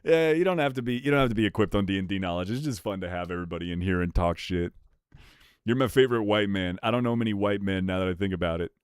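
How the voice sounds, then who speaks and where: A man's voice: fast, smooth, dry recording, studio quality. A male streamer in casual chat with his viewers, rowdy, jokey and profane, bursting into rants. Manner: rowdy, profane and jokey, ranting with pitch jumps.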